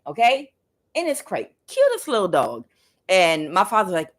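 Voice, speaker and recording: A frank, profane woman tarot reader tells a personal story straight to her viewers in a casual, animated way. She laughs often and jumps into the voices of the people she describes. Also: medium pitch, normal speed.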